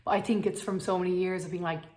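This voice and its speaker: A woman's voice: lowish voice, steady tone, fast talker, darkish tone. A young woman with an Irish accent, chatting to camera in a rambling, self-mocking way. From Ireland. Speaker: vlogger. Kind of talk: casual chat to camera.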